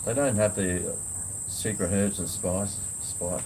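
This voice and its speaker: A man's voice: deep voice, steady tone, takes it slowly, background noise. An Australian man, a food vlogger, chatting casually and rambling in a laid-back way on a home veranda. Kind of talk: casual live chat.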